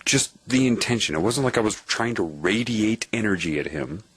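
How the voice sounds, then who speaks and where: A man giving a spiritual monologue, telling a personal story in an animated way and repeating phrases for emphasis. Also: lowish voice, normal speed, slight background noise. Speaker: spiritual speaker. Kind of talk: lecture-style monologue.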